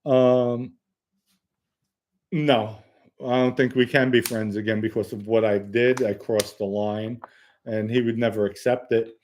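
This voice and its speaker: Brief: New man hosting a live chat, plain-spoken and blunt, middle-pitched voice. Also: steady tone, a little slow, darkish tone, slight background noise. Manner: blunt, matter-of-fact, reads chat comments aloud. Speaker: host answering viewer questions. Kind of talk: casual live-stream chat.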